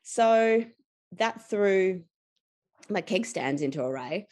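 A woman's voice: mid-range voice, animated, takes it slowly, darkish tone. A woman in her forties with an Australian accent, a podcast guest telling personal stories candidly, laughing often and acting out quotes. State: tired.

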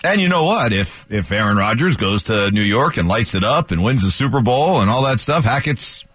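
A man's voice: on the low side, expressive, moderate pace, a bit bright, slightly rough, no room sound. A man hosting a sports radio show, joking and laughing often in casual banter. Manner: jokey, laughs often, playful.

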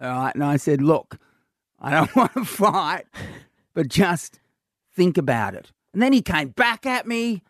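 A man's voice: a little high, unhurried, no room sound, studio quality. Australian man telling a story animatedly. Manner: animated anecdote telling with laughs and acted quotes. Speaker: radio comedy host. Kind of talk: casual storytelling chat.

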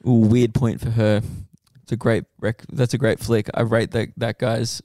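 A man's voice: mid-range voice, flat delivery, normal speed, dark tone, dry recording, studio quality. A young man co-hosting a comedy podcast, bantering bluntly and crudely. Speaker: podcast co-host. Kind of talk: casual comedy podcast chat.

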